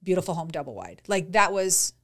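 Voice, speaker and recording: A woman's voice: lowish voice, big pitch swings, fairly quick, a bit bright. A woman co-hosting a podcast, chatting casually and retelling conversations with lots of "like" and quoted dialogue. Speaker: podcast co-host. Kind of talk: casual chat, storytelling.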